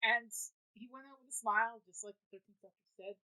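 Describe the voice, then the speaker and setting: Excitable woman co-host, bright tone, lively pitch, casual swearing. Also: normal speed, few pauses, rough recording. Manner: excitable, swears freely, repeats herself. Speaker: podcast co-host. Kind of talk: casual chat.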